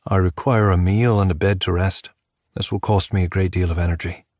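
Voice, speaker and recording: A man's voice: low voice, fairly even intonation, fairly quick, darkish tone, no echo, clean studio sound. A man voicing a confident, aloof male wolf healer in an audiobook. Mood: cool.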